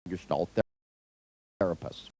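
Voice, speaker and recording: A man's voice: a little slow, warm tone, no room sound, rough recording. An older man telling a rambling personal anecdote in a wry, profane way, with many restarts and asides.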